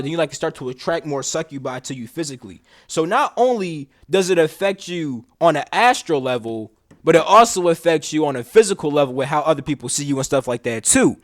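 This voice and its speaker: A man's voice: fairly high pitch, very animated, brisk. A young man hosting a podcast, telling a story in a slangy, rambling, casual way with many restarts and curses. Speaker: podcast host.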